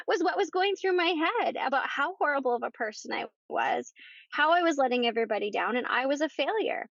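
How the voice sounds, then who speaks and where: A woman, a podcast guest, tells her personal story in conversation, halting and repeating herself as she goes. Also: high-pitched, expressive, gravelly, a bit bright, dry recording. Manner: halting, with many pauses and repeated words. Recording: dull lo-fi dry recording.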